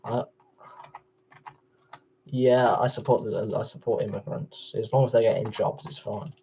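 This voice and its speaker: A man rambling and bickering with his livestream chat while he plays. His voice is dark and mellow. The stream audio is dull and lo-fi, with faint keyboard typing behind him. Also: lowish voice, fairly even intonation, a little slow, a little hiss or hum. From England. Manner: rambling, argumentative replies to chat.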